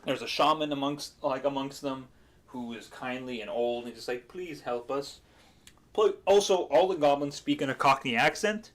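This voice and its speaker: A man's voice: mid-range voice, normal speed. A man recaps his tabletop campaign on a casual chat stream. He rambles with fillers and laughs, in a mid-range voice. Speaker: game master.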